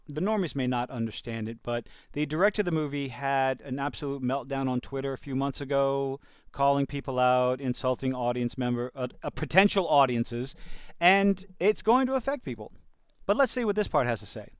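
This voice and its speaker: Cajun man, reaction commentary host, sarcastic and fed up, smooth clear tone. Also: mid-range voice, normal speed, no room sound, clean studio sound. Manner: sarcastic, exasperated, with sighs and swearing. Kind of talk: reaction commentary reading an article aloud.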